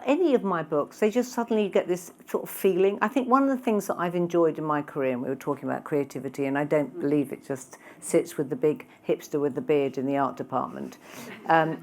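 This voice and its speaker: A woman with a fairly low voice chats on a stage mic in front of a live audience. She talks loosely and warmly about her work, tossing in jokes at her own expense and sharp little asides. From England. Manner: chatty, self-deprecating, humorous asides. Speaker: guest speaker, retail expert and author. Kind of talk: casual stage conversation. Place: conference room with live audience. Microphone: handheld or lapel mic.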